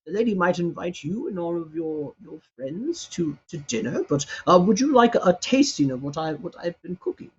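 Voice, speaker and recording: A man's voice: high voice, expressive, moderate pace, hardly any pauses, slightly rough, muffled recording, voice pushed up. A man voicing an elderly, kindly male cook who stammers and repeats himself eagerly.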